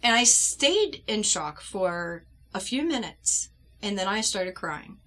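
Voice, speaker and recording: A woman doll-collector vlogger telling a personal story at home in an earnest, heartfelt way, pausing and restarting as she goes. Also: mid-range voice, sing-song, a bit bright.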